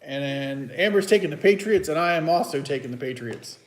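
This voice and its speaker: A man's voice: on the high side, animated, brisk, slight background noise. A man hosting a casual, teasing sports picks chat at home. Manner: chatty, teasing, loose and rambling. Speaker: host. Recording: echoey room.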